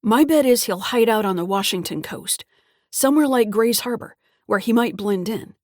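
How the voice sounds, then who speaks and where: A woman's voice: medium pitch, expressive, normal speed, no echo, clean studio sound, lightly acted. A woman voicing a worried man on the case who speaks in a matter-of-fact way.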